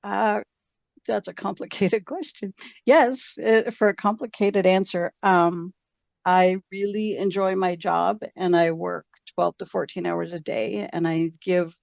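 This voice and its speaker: Role: hesitant woman client, gravelly low voice, on a dry, dull video call line. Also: fairly even intonation, unhurried, a little mellow, no room sound. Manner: hesitant, lots of ums. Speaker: coaching client. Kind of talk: asking for coaching on a video call.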